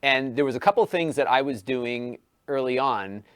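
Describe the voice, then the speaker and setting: A man who hosts a YouTube tech channel, talking through a casual podcast conversation in an animated way, full of restarts, and lifting his voice for quoted lines. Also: medium pitch, normal speed, clean tone, dry recording, clean studio sound.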